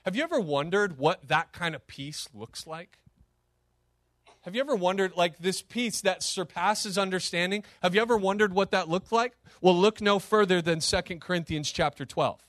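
A man preaching a sermon as pastor, animated and emphatic, with sudden rises and drops in his delivery. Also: high-pitched, moderate pace, dry recording, studio quality.

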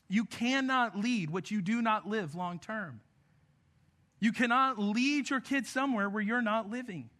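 A man preaching a sermon to parents, earnest, moving between emphatic lines and soft, intimate passages. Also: sits high, a little slow, long pauses. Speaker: pastor.

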